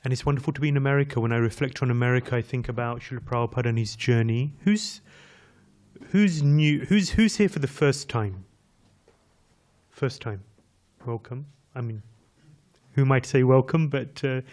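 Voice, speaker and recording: Visiting English preacher, male, mid-pitched, easygoing sermon that draws in the crowd with questions. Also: moderate pace, darkish tone. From England. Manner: chatty, addresses the audience directly with questions. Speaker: visiting speaker at a temple class. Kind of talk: conversational sermon.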